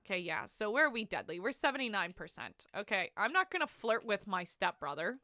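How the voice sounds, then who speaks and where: A young woman streaming a life-sim game, talking to her chat with a bright, forceful tone. She rambles from one thought to the next and laughs easily. The recording is dry and close, with no room sound. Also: medium pitch, big pitch swings, a little fast, few pauses, no echo. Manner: rambling, chatty, laughs often. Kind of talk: casual live-stream chat.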